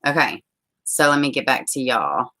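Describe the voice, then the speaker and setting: A woman's voice: extremely low pitch, big pitch swings, moderate pace, sharp tone. A woman hosting a casual livestream, chatting with viewers and reading their comments aloud. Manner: chatty, reads out viewer comments, uses y'all. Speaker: livestream host.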